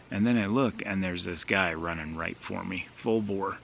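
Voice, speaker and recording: A man's voice: deep voice, fairly even intonation, moderate pace, vocal fry, fairly bright tone, lo-fi sound, slight background noise. A man vlogging outdoors at a mountain campsite, casually telling a rambling, self-deprecating story with fillers.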